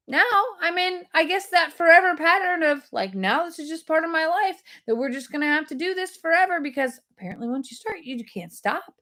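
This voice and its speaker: A woman's voice: high-pitched, bright, forceful tone. A woman, hosting a weekly video and telling a rambling, self-deprecating story to her viewers. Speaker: host of a weekly video segment.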